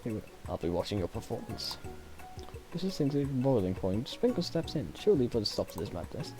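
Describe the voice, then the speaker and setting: A man's voice: mid-range voice, sing-song, fairly quick, over music. A man streaming a dating game, reading its text aloud with playful, laughing, joking asides.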